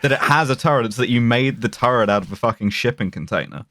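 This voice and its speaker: A man co-hosting a podcast, presenting his material in a dry, deadpan way. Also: medium pitch, fast talker, no room sound. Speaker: podcast co-host presenting slides. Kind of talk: casual chat and presentation.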